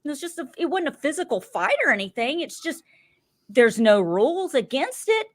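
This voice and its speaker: A woman's voice: high voice, normal speed. A woman with a Southern American accent, co-hosting a casual reality-TV recap podcast and acting out quotes playfully. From Southern United States. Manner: animated, playful, acts out quotes. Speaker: podcast co-host.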